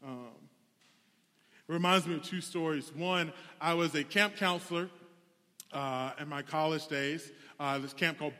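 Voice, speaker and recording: A man's voice: on the high side, unhurried, bright, forceful tone. A young adult man preaching a sermon, telling a personal story in a conversational, candid way. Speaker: pastor. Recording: long hall reverb.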